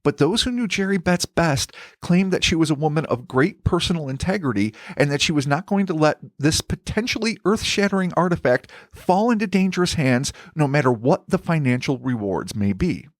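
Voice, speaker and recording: A man's voice: a little high, expressive, moderate pace, few pauses, no room sound, clean studio sound. A man co-hosting a podcast, reading a paranormal story from a script and breaking off into wry, profane banter. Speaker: podcast co-host.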